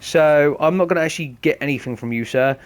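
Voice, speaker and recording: A man's voice: on the high side, fast, smooth. Chatty male gaming host. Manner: chatty and explanatory, addresses viewers directly. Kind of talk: casual let's-play commentary.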